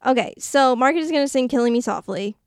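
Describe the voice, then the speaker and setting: A woman's voice: sits high, expressive, fast, clear, resonant tone, no room sound, studio quality. A woman co-hosting a podcast, recapping a movie in casual chat and doing playful voices for the characters. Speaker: podcast co-host.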